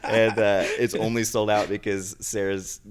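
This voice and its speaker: Deep-voiced man telling rambling stories. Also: level tone, unhurried, slight background noise. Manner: rambling, loose storyteller full of fillers. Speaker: podcast host. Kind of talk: casual chat.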